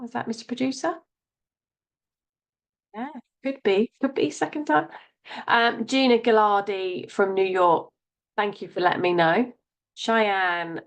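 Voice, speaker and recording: A woman hosting a live psychic show, talking in a friendly, chatty way. She greets each viewer by name and fills the gaps with little asides. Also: mid-range voice. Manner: warm, chatty, reads out viewer names with endearments.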